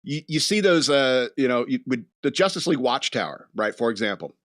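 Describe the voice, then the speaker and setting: A man hosts a relaxed chat show, talking loosely and rambling from one thought to the next. He chuckles between lines and slips into silly character voices as he goes. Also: mid-range voice, brisk. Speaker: podcast host. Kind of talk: casual chat.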